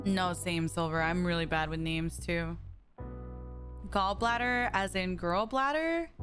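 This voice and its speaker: A woman's voice: lowish voice, unhurried, a bit bright, soft background music. A young woman streaming a game, chatting casually and reading messages from her chat with frequent giggles.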